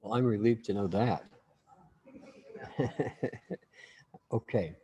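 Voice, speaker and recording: A man's voice: on the low side, slow, dark tone, husky, long reverb tail, dull audio. A man teaching a class in a casual, rambling way, full of restarts and asides.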